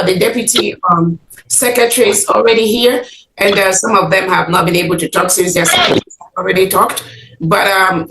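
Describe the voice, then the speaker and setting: Woman moderating an online call, halting speech full of fillers, echoey room, noise behind. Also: medium pitch, vocal fry. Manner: many fillers and pauses. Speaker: meeting moderator. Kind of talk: hesitant moderating of an online meeting. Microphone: online call audio.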